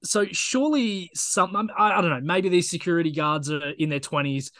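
Male podcast co-host, dry wit, slightly raised pitch, close dry recording. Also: moderate pace, fairly bright tone, no room sound. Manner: dry, joking. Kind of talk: casual chat.

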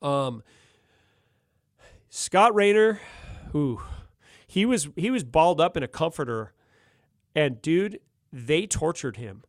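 A man's voice: fairly high pitch, slow, long pauses, no room sound, studio quality. A middle-aged man telling a wild story in casual, slangy chat, laughing often. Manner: laughs often, animated, slangy ("dude", "gnarly").

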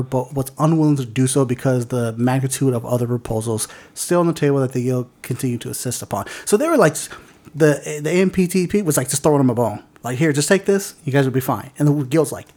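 A man's voice: medium pitch, a little mellow. A man co-hosting a casual podcast, reading news items aloud with lots of fillers and stumbles. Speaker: podcast co-host.

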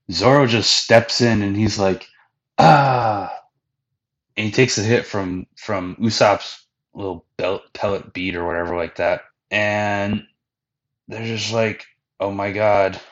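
A man hosts a casual anime recap in a loose, slangy way, full of "like" and offhand swearing. His voice is low and the recording is dull and lo-fi. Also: steady tone, unhurried, fairly bright tone. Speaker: podcast host recapping anime.

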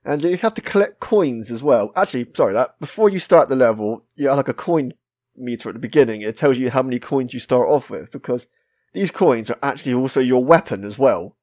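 A man's voice: medium pitch, animated, a little fast, darkish tone. A man with a British accent hosting a casual podcast, chatting about a retro game, swearing freely and laughing at himself. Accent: British English. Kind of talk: casual chat.

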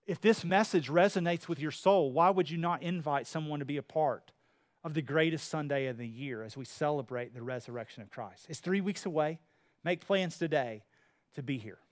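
A man preaching a sermon in a church, swinging between loud, emphatic lines and hushed, quiet ones. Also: a little high, normal speed. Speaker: pastor. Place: church sanctuary.

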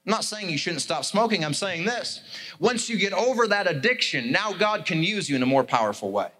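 A male pastor preaching with lively, animated energy, slipping into character voices as he tells a story. His voice sits a bit higher than most men's. He moves between storytelling and urging his listeners on. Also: fairly quick. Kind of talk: sermon.

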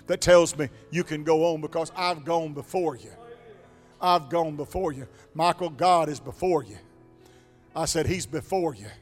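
High-voiced preacher in echoing church. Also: male voice. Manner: builds from quiet to shouting, sing-song preaching cadence. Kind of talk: sermon. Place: church sanctuary. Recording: long hall reverb, faint music.

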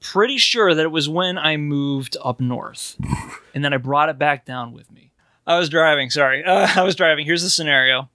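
High, bright-voiced joking man. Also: moderate pace, no echo. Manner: jokey, laughs often, wry asides. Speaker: podcast co-host. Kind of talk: casual chat.

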